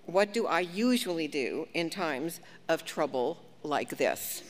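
A woman preaching a sermon, telling a personal story with lively, self-mocking humor. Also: low-pitched, slow. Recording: long hall reverb, faint background noise.

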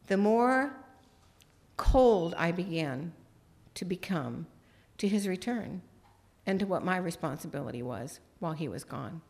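Woman preaching, chatty storytelling, plays out the back and forth. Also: on the low side. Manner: conversational storytelling, acts out dialogue. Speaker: speaker. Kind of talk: sermon with personal story.

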